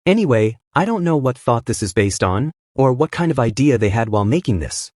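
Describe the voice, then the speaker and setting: A man's voice: medium pitch, big pitch swings, a little fast, a little mellow, dry recording, clean studio sound. A man narrating a story recap in a casual, chatty way, tossing in asides about what he doesn't understand. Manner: chatty, admits confusion with asides.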